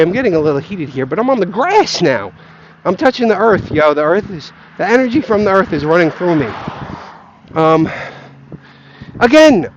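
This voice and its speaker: A stoned young vlogger rambles and swears heatedly about markets while walking on grass outdoors. His high voice comes through a dull lo-fi outdoor recording with a little hiss or hum.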